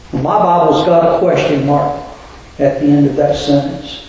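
Male preacher, high voice, rhetorical sermon delivery, very echoey church. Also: normal speed, mellow. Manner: rhetorical, asks the congregation questions. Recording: very echoey room.

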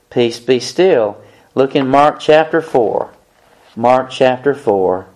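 A man preaching a sermon, reading Bible passages aloud and explaining them in a deliberate manner. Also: medium pitch, a little mellow.

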